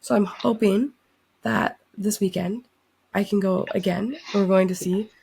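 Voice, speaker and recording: A young woman in her twenties, sick and losing her voice, chatting in a laid-back way. Her voice is husky and gravelly with plenty of fry. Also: medium pitch, fairly even intonation, unhurried, mellow. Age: 20s. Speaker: podcast co-host, student. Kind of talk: casual chat.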